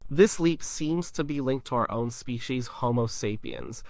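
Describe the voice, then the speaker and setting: A man reads an educational explainer in a measured, scripted way. His voice sits at an ordinary middle pitch. The recording is dry and close, with no room sound. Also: vocal fry, dry recording. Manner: explains calmly, sounds out syllables as examples. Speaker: narrator.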